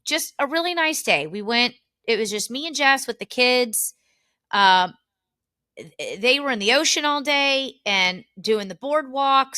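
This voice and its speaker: Bright-voiced woman telling stories. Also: fairly high pitch, no room sound, studio quality. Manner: animated storyteller, laughs often. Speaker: podcast co-host. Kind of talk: casual family chat.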